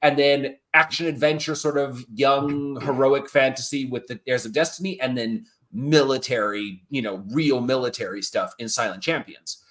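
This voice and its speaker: An animated man speaks over a video call as a guest author, pressing his points with emphasis. His voice sits at a middle pitch. The talk stays casual and conversational. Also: moderate pace, hardly any pauses. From French Canadian family name. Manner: animated, emphatic advice-giving. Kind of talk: casual podcast interview.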